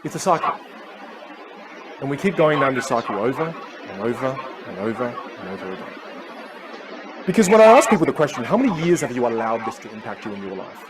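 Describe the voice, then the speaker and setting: A man coaching on communication at a live seminar. He acts out inner voices with big jumps in pitch. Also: very animated, quick pace, a crowd in the background, background noise.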